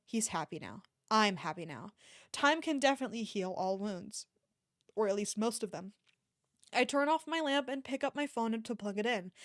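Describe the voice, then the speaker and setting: A woman streamer reading a novel aloud in a low, quiet voice, with occasional stumbles and restarts, into a close microphone at home. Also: no room sound. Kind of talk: casual read-aloud of a novel.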